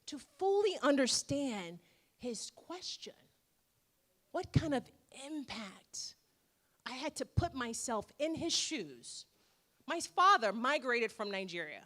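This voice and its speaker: A woman in her forties, a dentist giving an emphatic, rhetorical motivational speech with dramatic pauses at a gala. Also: high voice, fairly bright tone. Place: gala event room.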